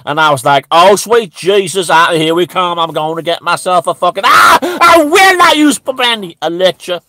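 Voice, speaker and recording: A man's voice: a little high, fairly even intonation, moderate pace, fairly bright tone, close to an everyday voice. A man playing a rambling, bigoted churchgoing man in a satirical monologue, stammering and restarting almost every phrase. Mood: aggrieved. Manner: stammering, with constant restarts and repeated words.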